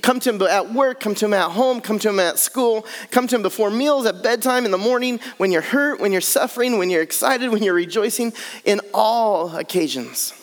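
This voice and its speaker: A man's voice: high-pitched, normal speed, long reverb tail. A man preaching a sermon earnestly, building his points in repeated lists. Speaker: pastor.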